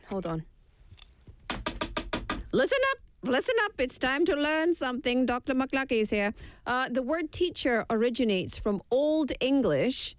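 A woman's voice: medium pitch, no echo. A woman hosting a live radio show, chatty and playful, joking at her own expense, speaking into a studio microphone. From Scotland. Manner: chatty, playful, self-mocking. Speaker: radio host.

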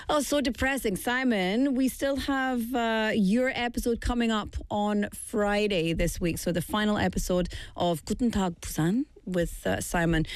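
A woman's voice: mid-range voice, clean tone, dry recording. A woman hosting a show in casual, chatty talk, rambling with asides and filler words. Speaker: show host. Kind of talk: casual chat.

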